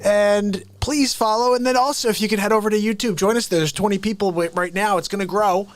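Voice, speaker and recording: A man hosts a live stream in a chatty, upbeat way and greets his viewers by name. His voice sits a little high for a man, and he often slips into soft, low asides. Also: fairly even intonation, fairly quick, dry recording. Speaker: livestream host. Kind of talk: casual live-stream chat.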